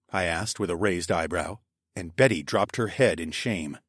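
A man narrating a first-person story in a wry tone, dropping to a hush on the narration tags. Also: low-pitched, moderate pace, breathy edge, no echo, clean studio sound. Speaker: audiobook narrator.

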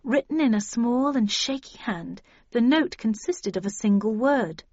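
A woman's voice: a little high, expressive, unhurried, a little mellow, no room sound, muffled recording. A woman reading a first-person story aloud, in a dry, wry manner. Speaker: audiobook narrator. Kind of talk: scripted first-person narration.

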